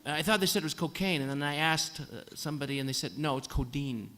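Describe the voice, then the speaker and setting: Bright-voiced man telling a comic story on stage. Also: a little high, fast. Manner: dry humorous storyteller, acts out voices of nurses and doctors. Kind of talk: comic storytelling at a live concert. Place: concert hall on stage.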